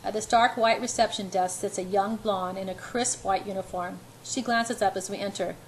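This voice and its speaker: A woman's voice: mid-range voice, fairly even intonation, moderate pace, a little hiss or hum, low-quality recording. A woman narrating an amateur audiobook in the first person, earnest, with occasional stumbles.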